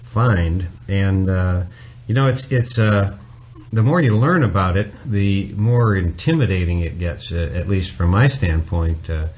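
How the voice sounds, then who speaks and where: A man's voice: low-pitched, unhurried, a little mellow, dull audio. A man hosting a podcast, speaking in an easygoing, reflective way with frequent hesitations. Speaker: podcast host. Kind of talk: casual podcast conversation.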